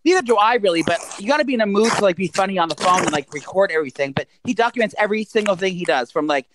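A man's voice: sits high, lively intonation, rapid-fire, background noise. Rambling, chatty male podcast co-host. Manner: reads out promos. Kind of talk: casual chat.

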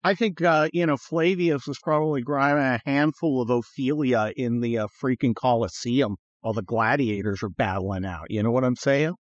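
A man's voice: mid-range voice, normal speed, hardly any pauses, no echo, lo-fi sound. A man hosting a podcast in casual political chat, rambling with many fillers and blunt, profane remarks. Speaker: podcast host.

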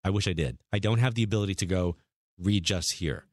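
A man's voice: sits low, fast talker, no room sound, studio quality. A middle-aged man, a guest medium, telling long stories in casual chat and acting out the people he quotes. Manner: animated storyteller, acts out quotes. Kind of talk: casual storytelling.

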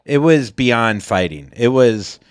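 A man who does stand-up, co-hosting a podcast and telling stories in a joking, animated way. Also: medium pitch, slow pace, smooth, dry recording, clean studio sound. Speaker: podcast co-host, stand-up comic. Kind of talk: casual chat.

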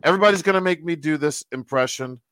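A man casually telling a backstage story as a guest, animated and quoting the people in it. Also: on the high side, fast, dry recording, low-quality recording. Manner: animated storyteller who quotes other people. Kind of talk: casual anecdote.

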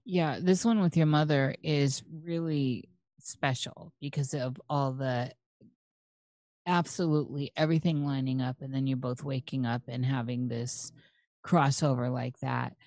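A woman's voice: very deep voice, steady tone, measured pace, a little mellow, no room sound, studio quality. A woman hosting an interview, asking curious questions and laughing along. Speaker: podcast host. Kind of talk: conversational interview.

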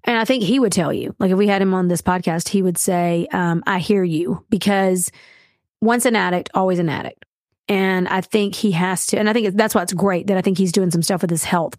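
A woman's voice: mid-range voice, a little mellow, dry recording, studio quality. A woman co-hosting a podcast, talking in a chatty, heartfelt way with plenty of fillers. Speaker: podcast co-host. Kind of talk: casual chat.

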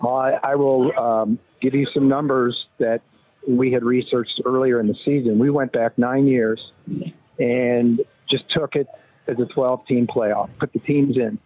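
A man calling in as a guest sportswriter, giving measured analysis built on numbers. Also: mid-range voice, steady tone, no room sound. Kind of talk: phone-in analysis. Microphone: phone. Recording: tinny phone line, dry.

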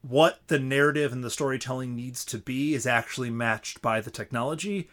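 A man co-hosting a casual podcast, enthusiastic and quick to argue his point. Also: medium pitch, fairly bright tone. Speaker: podcast co-host. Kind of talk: casual chat.

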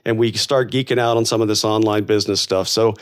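A man's voice: lowish voice, fairly even intonation, fast. A middle-aged man from the United States co-hosting a podcast in casual chat, talking in a loose, friendly way with many fillers and restarts. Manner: chatty, laughs at own jokes, many fillers and restarts. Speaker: podcast co-host.

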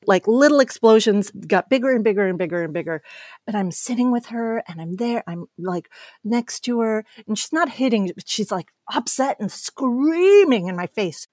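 Woman, candid animated parent storyteller, dry close-miked sound. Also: medium pitch, no echo. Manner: candid, animated, self-deprecating.

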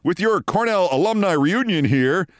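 Picture a hearty, folksy gentleman of the old school, courtly and cheerful, pitched noticeably high, as a storyteller puts him on. The sound is dry and close. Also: expressive, moderate pace, dry recording. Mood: genial. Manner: hearty, old-fashioned greeting tone. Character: genial old-fashioned courtly man, folksy.

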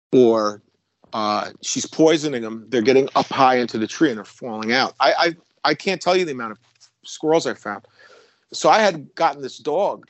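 Middle-aged male ex-cop, guest storyteller, rambling delivery, mid-pitched voice, dry close sound. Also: dry recording, poor audio. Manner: rambling, with restarts and self-corrections. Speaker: guest, former police officer. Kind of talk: casual storytelling conversation.

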